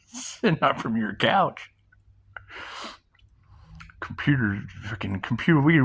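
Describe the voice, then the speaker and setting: A middle-aged man hosting his own channel, giving a rambling spiritual monologue and storytelling, swearing casually and laughing often. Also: fairly low pitch. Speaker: channel host.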